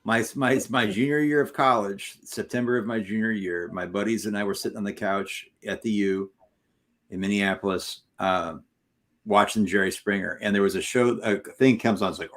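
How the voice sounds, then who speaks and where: A man with a lowish voice tells a long, winding story in casual chat. He stumbles, restarts and bursts out loudly, like a teacher who is always on. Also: a little fast. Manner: animated rambling anecdote with restarts, loud bursts. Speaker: podcast co-host; high school teacher. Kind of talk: casual storytelling on a sports stream.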